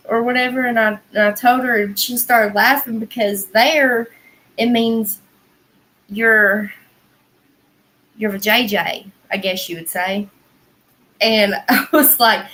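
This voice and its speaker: A woman's voice: mid-range voice, steady tone, measured pace, pauses often, fairly bright tone, rough recording. A woman with a Southern American accent hosting a casual livestream, chatting in a rambling way and answering viewers' comments. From Southern United States. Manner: rambling, chatty, heavy use of "like" and "y'all".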